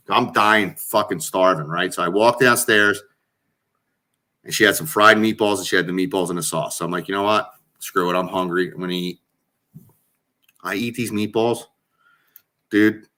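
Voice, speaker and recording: A middle-aged man, co-hosting a show and telling a long casual story full of fillers and swearing. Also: lowish voice. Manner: animated, profane, lots of fillers. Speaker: co-host.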